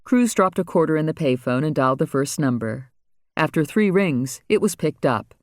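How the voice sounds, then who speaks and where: A man reading a crime thriller audiobook as narrator in a steady, even way. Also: fairly high pitch, normal speed, dry recording, clean studio sound. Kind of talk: scripted narration.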